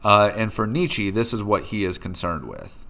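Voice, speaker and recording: A middle-aged man with a low voice gives a philosophy lecture. He talks unscripted, his sentences broken by frequent uh and um fillers. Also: big pitch swings, moderate pace, sharp tone. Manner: unscripted, many uh and um fillers, reads quotes with rising emphasis.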